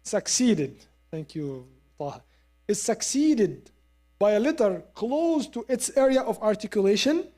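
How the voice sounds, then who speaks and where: A woman teaching Quran recitation in a lesson, explaining step by step and modelling the sounds slowly with repeats. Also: mid-range voice, sing-song, dark tone. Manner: explains step by step, asks listeners to agree. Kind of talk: classroom lesson.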